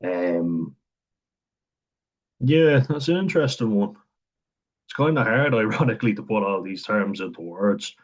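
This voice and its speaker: A man with a very deep voice talks through his thoughts in a loose, unscripted monologue. His tone is husky and a little breathy, and he chuckles often and pauses to think as he goes. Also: expressive, lo-fi sound. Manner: thinks aloud, frequent chuckles and ums. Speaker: vlogger talking about autism.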